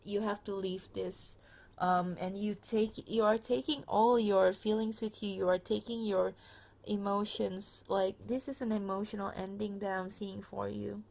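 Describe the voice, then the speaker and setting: A tired woman gives a relaxed pick-a-card tarot reading straight to her viewers. Her voice has a gravelly fry and sits at an ordinary middle pitch. She speaks loosely into her phone camera, full of ums and restarts. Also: measured pace. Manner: chatty, many fillers and restarts, addresses viewer directly. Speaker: tarot reader.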